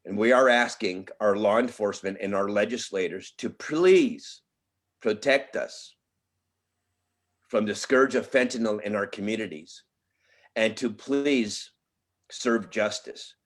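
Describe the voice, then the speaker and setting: A man's voice: lowish voice, unhurried. A bereaved father making an emotional public plea at a press conference, his voice pleading and breaking with feeling.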